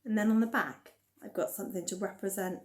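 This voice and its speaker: A woman leading a baby rhyme and story session as a children's librarian, gently encouraging parents to join in. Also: mid-range voice, fairly even intonation, fast.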